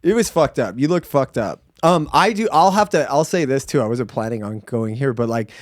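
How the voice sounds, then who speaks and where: A man's voice: a little fast, no room sound, clean studio sound. A man in his thirties co-hosting a casual podcast, telling a story with lots of swearing and acted-out quotes. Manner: animated storyteller, acts out quotes with pitch jumps and swearing. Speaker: podcast co-host. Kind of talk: casual chat.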